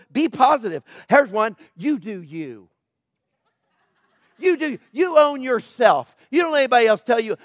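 Male pastor, middle-aged, sarcastic conversational sermon, high voice, close dry sound. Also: no echo. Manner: conversational and sarcastic, dropping into quiet asides.

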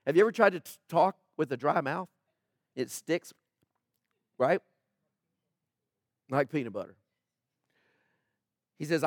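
A man with a notably high voice preaches a sermon, rising into loud emphatic bursts and acting out prayers in character. The sound is dry and close, with little room around it. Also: lively intonation, measured pace, long pauses, dry recording. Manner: acts out prayers and quoted speech. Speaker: pastor.

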